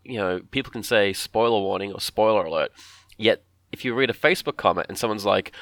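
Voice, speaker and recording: A man's voice: fairly low pitch, fast, a bit bright, no room sound, studio quality. A man co-hosting a podcast, rambling in casual chat and restarting his sentences often. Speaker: podcast co-host.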